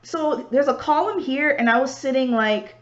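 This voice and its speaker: A woman's voice: sits high, moderate pace. A young woman chatting casually on a vlog, telling a travel story and acting out what people said to her. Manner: animated, acts out other people's lines in quotes. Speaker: vlog host. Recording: dull lo-fi sound.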